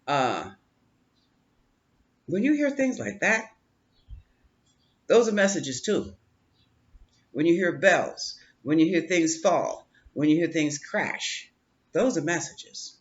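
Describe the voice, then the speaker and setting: Slightly high and very animated, a man's voice takes its time and pauses often as he reads tarot cards. His manner is chatty, coaching, and reassuring, with repeated words and frequent laughter. The audio is dull and lo-fi with faint room ambience.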